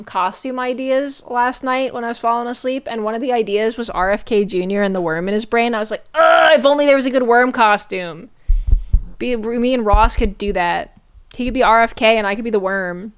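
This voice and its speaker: A woman's voice: on the high side, clear, resonant tone. Chatty young woman streamer, slangy. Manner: chatty, swearing, slangy, laughs often. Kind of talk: casual stream chat.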